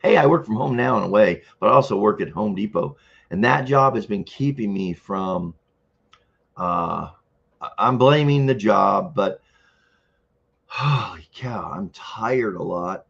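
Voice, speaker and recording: Gravelly older man on a livestream. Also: lowish voice, expressive, unhurried, a bit bright, highs cut off. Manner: rambling, chuckling, frequent throat clearing. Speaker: livestream host. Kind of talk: casual live-stream chat.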